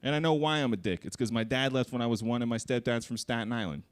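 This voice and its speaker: A man's voice: mid-range voice, quick pace, slight background noise. Profane man doing a stand-up set. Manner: crude, profane, animated delivery with voiced bits. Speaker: stand-up comedian. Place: comedy theater stage.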